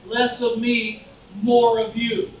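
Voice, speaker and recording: A man preaching a fervent sermon as pastor, building to shouts and mocking voices. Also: very high-pitched, completely flat delivery, slow pace. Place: church. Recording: echoey church from far off, faint noise. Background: congregation calling back.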